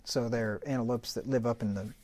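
Man, Bible teacher, slow scripture reading, casual asides. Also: medium pitch, fairly even intonation, warm tone. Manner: reads scripture slowly, then explains in a loose conversational way with asides.

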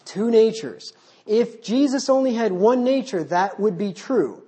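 A male Baptist preacher works through scripture verse by verse without notes. His voice is husky and a little rough at the edges. He reads each passage aloud, then picks it apart, pressing his points with rhetorical questions. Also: high-pitched, animated, a little slow, mellow. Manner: unscripted, poses rhetorical questions. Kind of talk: verse-by-verse sermon teaching.

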